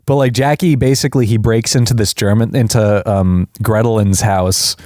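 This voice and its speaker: Male podcast host, animated, conversational; dry close mic. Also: lowish voice, dry recording. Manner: animated, quick to do voices and laugh. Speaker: podcast host, movie reviewer. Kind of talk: casual chat.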